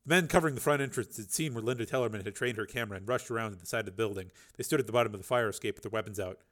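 A man narrating an action audiobook in a steady, driving read with a gravelly voice. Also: on the low side, rapid-fire.

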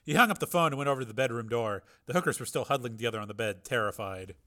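A man reading a crime novel aloud, lively, with small slips and corrections. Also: mid-range voice, rapid-fire. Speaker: reader.

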